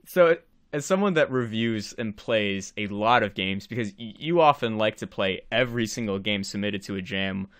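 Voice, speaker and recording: A man hosting a casual podcast chat, animated and laughing often as he rambles through his questions. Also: fairly low pitch, moderate pace, smooth, dry recording, clean studio sound. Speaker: podcast host and game developer.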